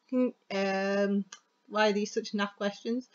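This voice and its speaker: A woman teacher giving a chatty, fast, expressive lesson on delivering speeches. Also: medium pitch, highs cut off. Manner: chatty, fast and expressive, stressing words for effect.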